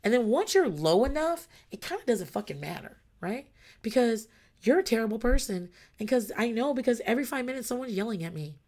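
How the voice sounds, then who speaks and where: A woman talking about parenting in a frank, animated way, swearing freely and acting out her kids' and her own voices. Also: on the high side, fairly quick. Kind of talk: casual talk to camera about parenting.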